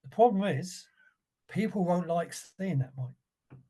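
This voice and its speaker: Man, slightly high voice, blunt instructor guest, hammers his points home. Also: animated, takes it slowly, crowd noise. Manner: blunt, emphatic, repeats key points. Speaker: self-defence course instructor, guest. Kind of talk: casual podcast conversation.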